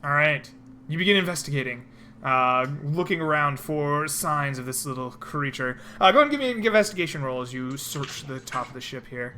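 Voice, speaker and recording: A woman runs a tabletop game, narrating loosely with many fillers. Her voice is bright and animated, and a faint ambience sits behind it. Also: low voice, moderate pace, slight background noise. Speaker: game master.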